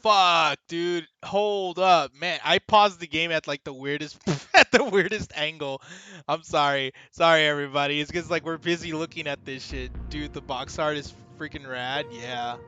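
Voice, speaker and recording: A young man streaming a video game, chatting casually with his viewers, excitable and swearing often. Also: fairly high pitch, moderate pace, highs cut off. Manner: excitable, swears a lot, talks to chat. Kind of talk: casual gaming stream chat.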